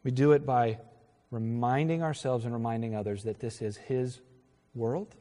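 A middle-aged man, a pastor, preaching in an earnest, conversational way with pauses and self-corrections. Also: medium pitch, fairly even intonation, mellow. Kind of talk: sermon. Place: church sanctuary. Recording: reverberant hall.

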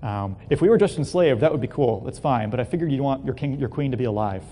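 A man's voice: lively intonation, fast talker, mellow, natural voice. A man voicing a brave young queen who speaks earnestly in a plain voice. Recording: long hall reverb, faint rumble.

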